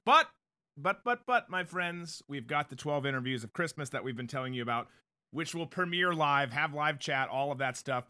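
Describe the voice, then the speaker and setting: A man hosts a live stream in a loose, joking way, moving between news chatter, viewer questions and ad reads. His voice sits a little high for a man and comes across bright and forceful. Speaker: host of a live political show. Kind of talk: casual live-stream talk.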